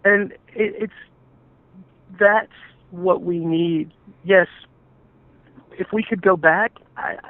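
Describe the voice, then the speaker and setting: A man telling his family's story in an interview, earnest and halting, often restarting his sentences. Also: on the high side, vocal fry, no room sound. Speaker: interview guest, stepfather. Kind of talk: emotional personal account. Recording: tinny phone-like call audio.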